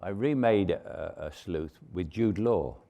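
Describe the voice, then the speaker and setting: An older man with a London Cockney accent, a veteran actor telling anecdotes on stage as a relaxed raconteur. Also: low-pitched, slow pace, gravelly. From England. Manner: relaxed raconteur, frequent restarts and chuckles.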